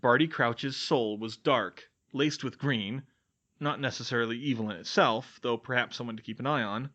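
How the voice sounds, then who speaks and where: A man reading fan fiction aloud as an expressive audiobook narration. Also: medium pitch, moderate pace. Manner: expressive, voices each character. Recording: dull lo-fi sound.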